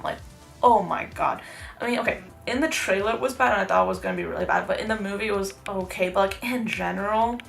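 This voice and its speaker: Chatty young woman with a gravelly voice. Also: medium pitch. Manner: chatty, rambling, heavy use of "like". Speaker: beauty vlogger. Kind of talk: casual makeup tutorial chat.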